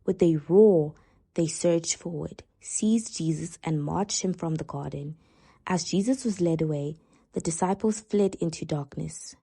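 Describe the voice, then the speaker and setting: Woman narrator, children's read-along story, lowish voice, slightly husky. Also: unhurried, warm tone. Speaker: storyteller reading a children's ebook aloud.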